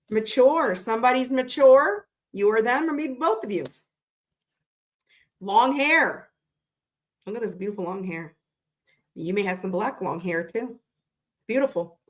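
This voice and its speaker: A middle-aged woman doing a casual live-stream tarot reading, talking in a chatty, blunt and animated way. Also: fairly high pitch, measured pace, pauses often. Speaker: tarot reader.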